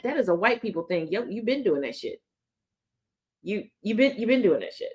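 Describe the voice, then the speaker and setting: A woman's voice: mid-range voice, very animated, a little fast. A woman hosting a daily news commentary show, talking bluntly and sarcastically with plenty of profanity. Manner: taunting, confrontational. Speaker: host.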